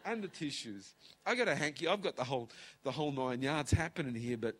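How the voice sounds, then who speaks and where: A man's voice: fairly high pitch, big pitch swings, fairly bright tone, husky. A man in his fifties preaching a sermon in an auditorium, emotional and close to tears, dropping to whispers. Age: 50s. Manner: emotional, tearful preaching with dramatic pauses and whispers. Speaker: pastor. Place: large auditorium.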